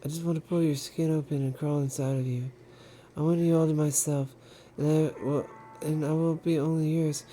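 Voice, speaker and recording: A man's voice: a little high, level tone, moderate pace, dark tone, soft background music, pitched above the performer's own voice, lightly acted. A man reading aloud the lines of an obsessive, unhinged, lovestruck young woman in a plain voice. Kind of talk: reading game dialogue aloud.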